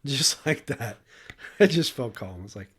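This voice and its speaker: A man's voice: mid-range voice, animated, normal speed, fairly bright tone, husky. A man co-hosting a podcast, telling a story in a candid, emotional, profane way and laughing often. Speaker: podcast co-host. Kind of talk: casual storytelling chat.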